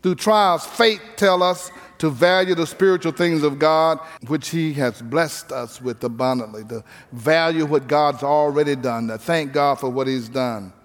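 A man's voice: a little high, a little slow, few pauses. A man preaching a sermon as pastor, stressing his points by repeating key phrases. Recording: reverberant hall with faint music.

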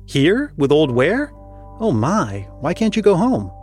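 A man's voice: a little high, huge pitch swings, measured pace, a little mellow, faint music behind. A man voicing an eager, boastful but kind schoolboy in a storybook reading, lifting his voice as the boy.

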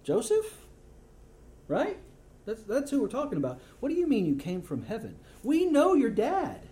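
A shrill, incredulous Pharisee, put on by a preacher in a sermon jeers with high, mocking disbelief. He is indignant and scornful, pitched far above a plain speaking voice, as if he cannot believe what he is hearing. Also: wildly swooping pitch, normal speed, mellow, exaggerated voice. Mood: scoffing. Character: indignant mocking male Pharisee, scoffing skeptic.

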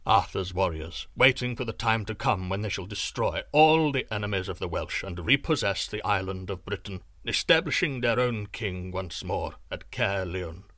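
Man doing a deep, solemn old sorcerer for a storybook tale, measured and grave, lively lilt, dry sound. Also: dry recording.

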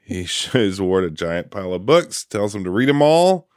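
A man recaps a film for a podcast in a relaxed, chatty way. His voice sits low but moves a lot in pitch, jumping into quick character bits. The sound is dry and close. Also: clean tone, no room sound. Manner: animated retelling with quoted character voices. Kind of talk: casual podcast chat.

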